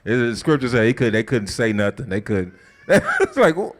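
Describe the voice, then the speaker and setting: A man leading a scripture study, retelling the story in a colloquial, conversational and animated way. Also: lowish voice, brisk. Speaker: Bible study teacher. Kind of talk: casual sermon-style scripture teaching.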